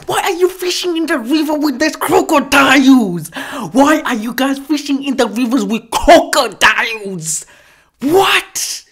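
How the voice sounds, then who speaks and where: A woman hosting a reaction video who keeps exclaiming in shock and scolding the people on screen, repeating short outbursts. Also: high-pitched. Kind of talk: casual reaction commentary.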